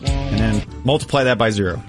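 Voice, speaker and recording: A man's voice: lowish voice, a little fast, music in the background. A man hosting a casual comedy quiz, playfully reading out questions and multiple-choice options. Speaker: game show host.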